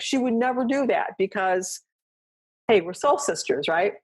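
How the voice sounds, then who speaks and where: A woman's voice: medium pitch, animated, unhurried, husky. A woman hosting a dog training podcast, talking through a coaching session in a loose, conversational way. She checks in with "right?" and "you know what I mean?" and acts out short exchanges with her dog. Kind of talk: coaching talk, casual explanation.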